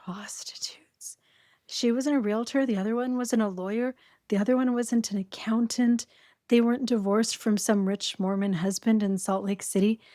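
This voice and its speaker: A middle-aged woman, a podcast guest, tells her story in an animated, quick way and laughs often. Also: fairly high pitch, no room sound, clean studio sound. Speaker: guest, abuse survivor.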